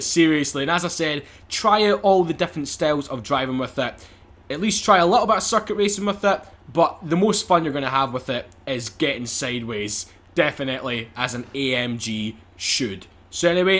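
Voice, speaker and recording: A man giving excitable, laughing gameplay commentary as he drives in a racing game. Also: on the high side. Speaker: gaming YouTuber.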